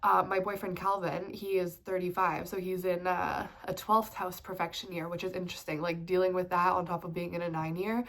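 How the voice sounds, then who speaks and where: With a fairly bright tone, a flat delivery and a slightly quick pace, a woman in her twenties speaks in a lowish voice with few pauses. She has a cold-stuffed nose and rambles about tarot and astrology in a casual vlog thick with fillers.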